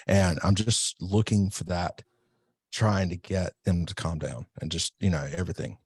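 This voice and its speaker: A man with a very low voice, a self-defense instructor, talking loosely and at length. He often circles back to restart his sentences. The recording is close and dry, with no room sound. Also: moderate pace, husky, no room sound. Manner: relaxed, rambling, self-correcting. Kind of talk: casual podcast interview.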